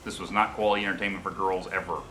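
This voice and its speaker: A man's voice: sits low, little pitch movement, racing, sharp tone, reverberant, faint music behind. A man making emphatic, dramatic complaints as a reaction panelist.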